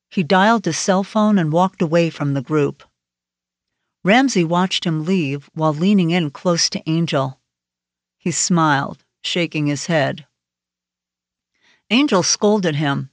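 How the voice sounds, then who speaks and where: A woman narrating a crime thriller audiobook in an even, steady storytelling manner. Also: low voice, slow pace, pauses often, no echo. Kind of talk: scripted narration.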